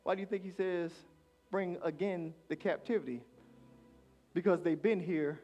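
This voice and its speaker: Man, pastor, very high voice, call-and-response sermon, hushed to shouting. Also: moderate pace, dull audio, soft background music.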